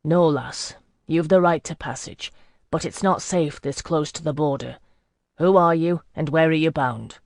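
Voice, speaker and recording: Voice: medium pitch, unhurried, creaky, dry recording. Storybook role: reader doing a hardened male border scout, clipped and commanding, dry close sound. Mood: stern. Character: seasoned male border scout leader, curt and shrewd.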